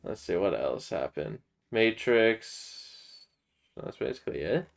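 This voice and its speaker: A man's voice: low voice, very animated, slow, gravelly. Young man hosting a stammery stream chat. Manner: hesitant, stammering, full of fillers. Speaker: streamer and host. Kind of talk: casual gaming livestream chat.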